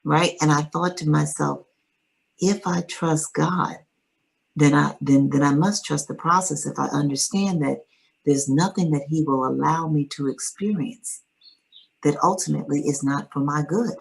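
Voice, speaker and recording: A woman's voice: low voice, moderate pace, creaky, rough recording. A middle-aged woman, an interview guest and author, earnestly recounting a personal faith story with quoted dialogue.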